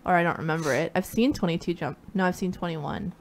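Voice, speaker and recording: A woman's voice: fairly low pitch, quick pace. Chatty young woman co-hosting a stream. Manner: chatty, uses "like" a lot, laughs easily. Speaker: live stream co-host. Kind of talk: casual chat.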